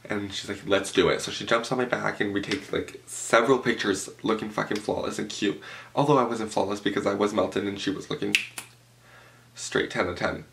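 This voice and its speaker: Gravelly young man telling a story. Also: fairly low pitch, fairly quick, noisy background. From Canada. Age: young adult. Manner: animated, swearing, filler-heavy retelling with quoted voices. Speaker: vlogger. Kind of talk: casual storytime vlog. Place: room at home, tablecloth backdrop.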